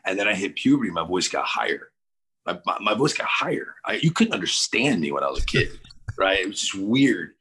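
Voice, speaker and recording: A man in his forties from St. Louis, with a very deep, forceful voice and a husky edge. He tells stories in a relaxed interview and acts out the people he quotes with lively voices. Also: brisk. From St. Louis, USA. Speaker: sports TV host as guest. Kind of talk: casual interview storytelling.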